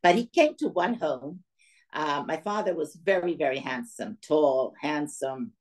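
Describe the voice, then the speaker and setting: A woman's voice: sits low, measured pace. An older woman from the former Soviet Union, a guest speaker telling her life story to a women's audience and acting out the dialogue as she goes. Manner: lively storyteller who acts out quoted dialogue.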